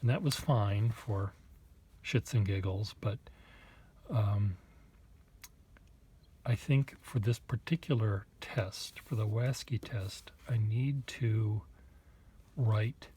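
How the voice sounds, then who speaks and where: A man vlogging casually, thinking aloud in a halting, self-deprecating way, with muttered asides. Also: fairly low pitch, warm tone, breathy edge.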